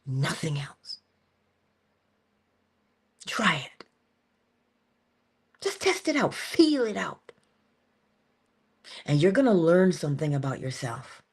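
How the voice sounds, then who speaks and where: A woman's voice: deep voice, a little mellow, husky. A woman giving an earnest but casual inspirational monologue as a motivational speaker, talking conversationally with sudden emphasis.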